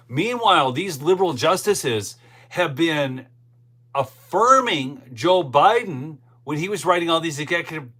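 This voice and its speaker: This host of a political livestream gives casual live commentary while reading the chat. His speech is rambling and conversational, frequently punctuated with "okay?" aimed at his audience. His voice is medium in pitch and a bit bright.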